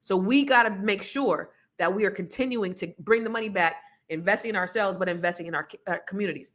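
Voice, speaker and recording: Bright-voiced woman podcast host. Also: mid-range voice, fairly quick. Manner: lively, animated storytelling with laughter and asides. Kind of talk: casual podcast monologue.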